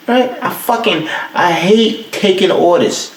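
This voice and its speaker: In a home room with no heat on, a young adult man podcasts a casual solo rant at a moderate pace. His mid-range voice carries vocal fry against a roomy sound, and he tells profane, animated stories, acting out the quotes.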